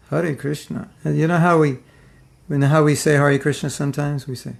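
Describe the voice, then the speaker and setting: A man's voice: on the high side, fairly even intonation, fairly quick, creaky, darkish tone. A middle-aged man giving an informal, humorous spiritual class, joking with his listeners and acting out their reactions. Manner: joking, conversational, mimics others' reactions.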